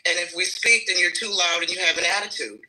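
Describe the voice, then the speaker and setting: A woman's voice: fairly low pitch, steady tone, fast, pushed and bright, rough recording. A woman on a live panel, speaking firmly as she reads and answers comments from the chat. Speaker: livestream panel guest.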